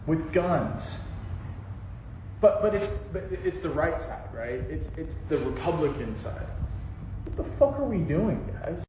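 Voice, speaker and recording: A man's voice: fairly high pitch, lively intonation, a little slow. A man ranting in an angry reaction video, exasperated and stammering, with mocking asides. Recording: echoey and noisy from far off.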